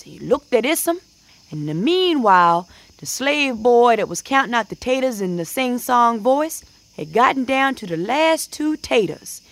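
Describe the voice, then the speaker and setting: A woman tells an old folk tale in a relaxed, folksy dialect. She lets her voice rise and fall, slipping into sing-song rhythms for the characters. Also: fairly high pitch. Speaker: storyteller. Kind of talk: oral folk storytelling.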